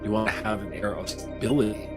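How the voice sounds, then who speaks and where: Blunt, slow-talking male coach over music. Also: on the low side. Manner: slow, deliberate, blunt with casual swearing. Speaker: men's coach. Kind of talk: livestream coaching talk.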